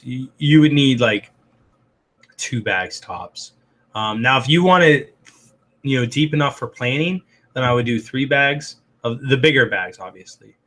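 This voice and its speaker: A man in his easy live-stream chat voice, medium in pitch and upbeat. He rambles cheerfully through viewer comments, leaning on "um" and restarting his sentences as he goes. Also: sharp tone. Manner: chatty and upbeat, loose with fillers and restarts. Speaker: host answering live chat.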